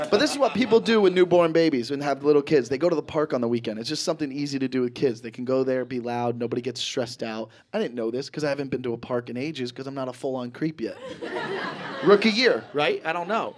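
A young man performing a stand-up comedy set on a club stage, animated and swearing, acting out his friends. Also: a little high, crowd noise. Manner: animated, swears a lot, acts out friends in quick voices. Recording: live club audience in background.

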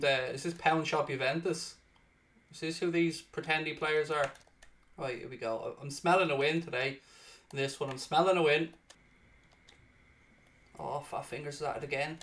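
A man hosting and commentating on his own football video game, excitable and swearing loudly in frustrated outbursts, sounding tired. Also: a little high. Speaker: gaming streamer and host. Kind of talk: live gaming commentary.

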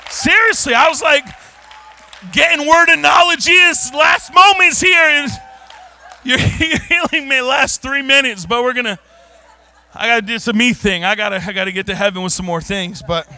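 High-pitched guy pastor yelling and laughing thru a church sermon story, super bright sharp voice. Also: moderate pace, some chatter behind. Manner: animated, shouting, laughing storyteller.

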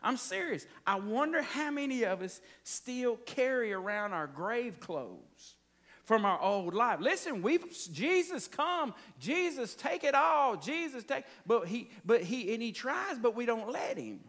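A man's voice: very high voice, very animated, unhurried, fairly bright tone. A man preaching a sermon in a church, conversational and playful, stretching out key phrases for emphasis. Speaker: pastor. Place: church sanctuary.

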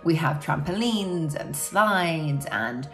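A woman's voice: low-pitched, expressive, slow, a bit bright, faint music behind. A woman sharing her experience as a parent in a frank, reflective talk to camera, often saying "you know". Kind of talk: candid personal talk to camera.

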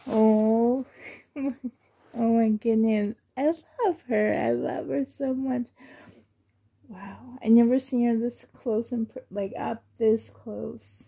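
Speaking slowly in a husky, gravelly voice that's fairly high yet dark and mellow, a reborn doll collector narrates an unboxing vlog in lo-fi sound. Her gushing frequently softens into fond half-whispers.

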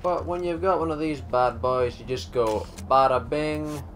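A man giving live gameplay commentary, excitable and swearing a lot, talking at the enemies on screen. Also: medium pitch, unhurried, faint music behind. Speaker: gamer doing a let's play.

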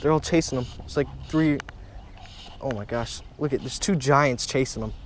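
Excitable young man fishing outdoors. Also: mid-range voice, normal speed, a little hiss or hum. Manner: excitable, repeats himself, keeps saying "guys" and "oh my gosh". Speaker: fishing vlogger. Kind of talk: casual outdoor vlog commentary. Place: outdoors at a pond.

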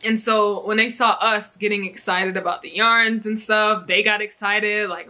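A woman's voice: mid-range voice, steady tone, moderate pace, few pauses, pushed and bright. A young woman from the US chatting casually in a knitting vlog, bubbly and gushing, often giggling. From United States. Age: young adult. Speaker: knitting vlogger. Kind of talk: casual yarn haul chat.

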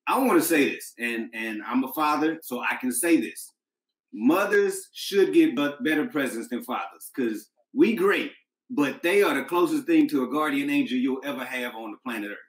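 Animated comedian on an echoey video call. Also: male voice, medium pitch, normal speed. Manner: animated, laughing through jokes, acting out voices. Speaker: comedian guest. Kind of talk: stand-up bit on a video call show. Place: his house.

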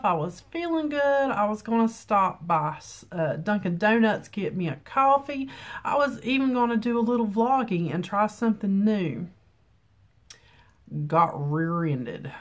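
A young woman, congested, chatting casually in a rambling home vlog full of ums. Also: mid-range voice. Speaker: beauty vlogger. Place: home room with ring light.

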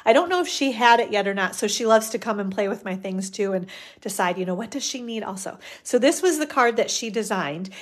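A woman's voice: mid-range voice, lively intonation, a little fast. A middle-aged woman hosting a live stamping demo, chatting casually and rambling with fillers as she works. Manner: chatty, rambling, self-talk with fillers and little laughs.

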